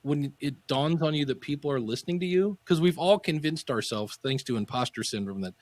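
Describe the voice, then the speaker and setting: A middle-aged man, a podcasting teacher, telling anecdotes in a casual interview and acting out quotes with sudden pitch jumps. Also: lively intonation, fairly quick, darkish tone, no room sound.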